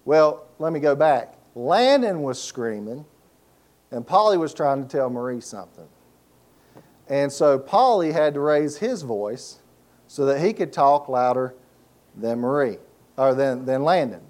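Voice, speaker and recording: A man's voice: medium pitch, lively intonation, a little slow, darkish tone. A middle-aged man preaching a sermon, telling folksy stories and asking the congregation to fill in words. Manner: folksy storytelling with laughs and call-and-response questions. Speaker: pastor.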